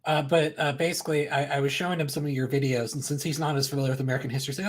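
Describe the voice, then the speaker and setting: A woman guest on a livestream telling a story in a rambling, animated way, full of fillers. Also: deep voice, rapid-fire, slightly rough. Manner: rambling, many fillers, animated when quoting. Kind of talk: casual storytelling.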